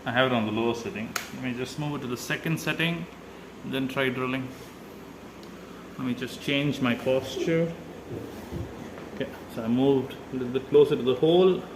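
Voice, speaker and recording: A man's voice: mid-range voice, normal speed, long pauses, noisy background. A man casually explaining, step by step, how he drills into a wall, with many hesitant "uh" fillers. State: slightly out of breath. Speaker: DIY video maker. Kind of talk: casual how-to narration while working.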